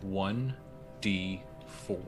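A tabletop player calmly explaining how to make a dice roll. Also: low-pitched, drawn-out words, over music. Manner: calm, helpful explaining. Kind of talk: casual tabletop play.

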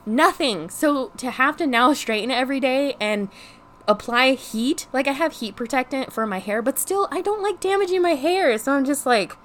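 A young woman telling a frustrated storytime vlog in casual chat, animated and exasperated, swearing freely and saying "like" constantly. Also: high-pitched, moderate pace. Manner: heavy use of "like" as filler. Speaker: vlogger.

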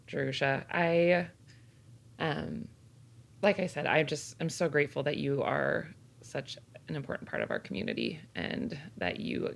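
A woman with a very low, gravelly voice hosts a church conversation. She is affirming and grateful, and she rambles gently as she speaks. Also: a little hiss or hum. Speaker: church podcast host. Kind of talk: casual conversation.

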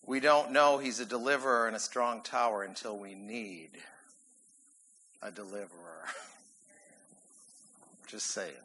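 A man preaching a sermon in an animated, emphatic way, often laughing as he goes. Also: on the low side, takes it slowly, long pauses, a little hiss or hum, poor audio. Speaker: pastor.

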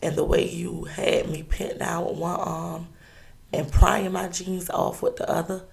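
Woman with a heavily gravelly voice. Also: lowish voice, flat delivery. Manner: halting, earnest storytelling with many pauses and restarts. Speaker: interviewee. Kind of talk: personal testimony in an interview.

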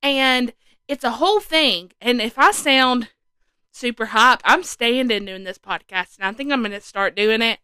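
Woman, podcast host, bubbly and self-joking, slow and unhurried, crisp bright voice. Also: a little high, dry recording. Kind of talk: casual faith talk to single listeners. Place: indoors at home, standing.

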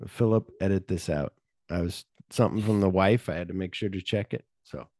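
Animated man recapping a movie, dry sound. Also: sits low, fairly quick, dry recording. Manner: animated storytelling, swears freely, acts out characters' lines. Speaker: podcast host. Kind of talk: casual movie-discussion podcast.

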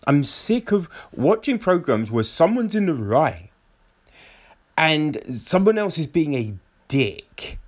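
Guy ranting about a show, swears a lot, slow and drawn out, pitch jumps all over. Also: sing-song. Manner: exasperated, profane, mocking quotes in high voices. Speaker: show reviewer. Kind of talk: ranting casual review.

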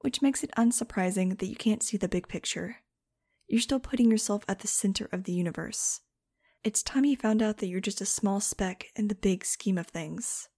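A woman's voice: mid-range voice, moderate pace, warm tone, close to an everyday voice. A woman reading as an icy, controlling mother. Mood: cold. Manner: clipped, icy and dismissive. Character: cold controlling female director, a mother. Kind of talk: audiobook character voice.

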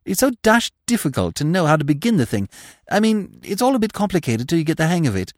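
A man voicing a scatterbrained, plaintive young gentleman who talks in a hurried, breathless, exclamatory way, in an audiobook reading. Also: fairly high pitch, very animated, no echo, studio quality, voice pushed up. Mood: flustered.

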